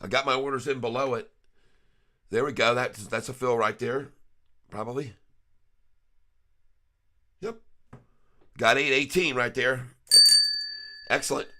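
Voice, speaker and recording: A man giving live stock market commentary, excitable and laughing often, breaking into rhyming hype riffs. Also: medium pitch, measured pace, pauses often. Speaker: stock trading vlogger.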